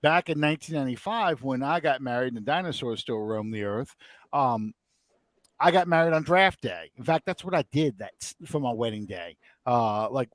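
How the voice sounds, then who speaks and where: A middle-aged man with a voice on the high side hosts a podcast, telling a story in casual chat and animatedly acting out the quotes. The recording has no room sound.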